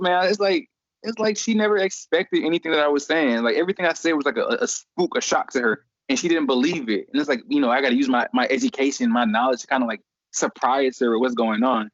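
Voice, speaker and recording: Telling a story in a relaxed, animated way, a young adult man in college performs the voices of the people he quotes. He speaks in a mid-range voice. The audio is dry, dull, and lo-fi, with no room sound.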